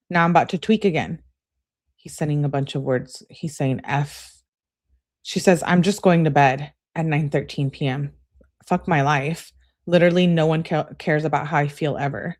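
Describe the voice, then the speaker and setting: A woman hosting a true crime channel, reading a couple's text messages aloud in a brisk relay and adding blunt, conversational asides. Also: sits low, a little mellow. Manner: reads messages in a brisk running relay of who-said-what.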